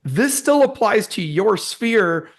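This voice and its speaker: A man's voice: sits high, very animated, slow. A man co-hosting a webinar discussion, chiming in with enthusiastic, emphatic remarks.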